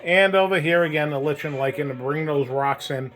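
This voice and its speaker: Plain-spoken hobbyist man, slightly high voice, easygoing rambling tour narration, phone mic, faint music under. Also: brisk, a bit bright, rough recording. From New England, USA. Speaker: model railroad hobbyist. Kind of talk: casual layout tour narration. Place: home train layout room.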